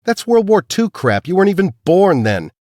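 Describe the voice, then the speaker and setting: A furious, hot-headed young man, loud and raised in pitch, snapping every line, as an audiobook narrator puts him on. Close and dry. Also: very animated, moderate pace, no room sound. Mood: angry.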